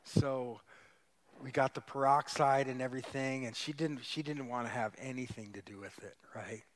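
A man's voice: mid-range voice, steady tone, normal speed. A middle-aged man preaching as a guest pastor, telling stories with emphatic, rising peaks. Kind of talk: sermon.

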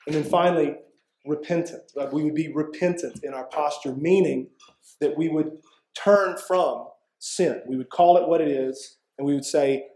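Preaching to his congregation, this pastor sounds earnest and conversational, frequently tossing in "right?" to check in with them. His fairly high voice is mellow and moves at a moderate pace. The recording is poor, with a roomy sound.

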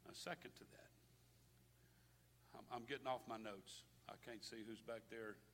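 A man's voice: medium pitch, steady tone, moderate pace, fairly bright tone. An older man preaching a sermon as pastor, impassioned and folksy, often repeating words. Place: church sanctuary. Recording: long hall reverb, faint noise.

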